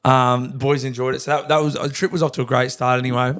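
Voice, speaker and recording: Laddish young Australian podcast co-host, casual storyteller, drops constant expletives. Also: male voice, mid-range voice, flat delivery, fast talker, fairly bright tone. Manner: laddish, swears a lot, acts out quoted lines.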